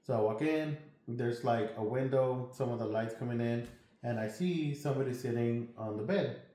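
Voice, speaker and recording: A man's voice: medium pitch, normal speed, warm tone. A man hosting a podcast interview, chatting casually and sharing his own story. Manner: reactive, laid-back listener. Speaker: podcast host. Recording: echoey room.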